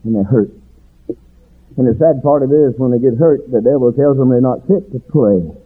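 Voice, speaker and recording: A man preaching a sermon in a rhythmic, swooping cadence, building to shouted refrains. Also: medium pitch, normal speed, husky. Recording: tinny phone-like sound.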